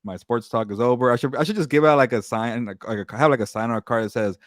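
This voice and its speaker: A man co-hosting a sports podcast in casual chat, talking quickly with halting restarts and repeated words. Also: medium pitch, no echo, clean studio sound. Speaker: podcast co-host.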